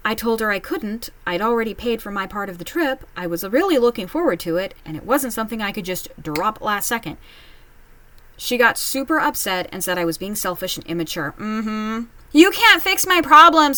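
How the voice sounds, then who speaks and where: A woman giving casual reaction commentary while reading online posts at home, chatty and candid, with quick asides. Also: mid-range voice, a bit bright. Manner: chatty, candid, quips and mimics others in asides. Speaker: online post reader and commentator.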